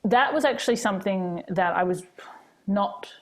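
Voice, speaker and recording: A woman telling candid personal stories in a casual podcast chat, with animated restarts. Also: mid-range voice, normal speed.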